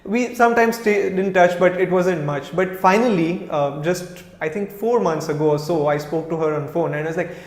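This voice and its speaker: A man's voice: high-pitched, normal speed, hardly any pauses, darkish tone. A man in his thirties with an Indian accent, a monk giving an informal spiritual talk, telling stories and acting out quoted lines with many "you know" fillers. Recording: echoey room with a long reverb.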